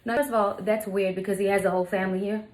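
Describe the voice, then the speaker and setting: A woman's voice: medium pitch, flat delivery, rapid-fire, low-quality recording. A young adult woman, a stepmother, telling a story in a casual vlog, emphatic and heated, with many fillers. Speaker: vlogger, stepmother.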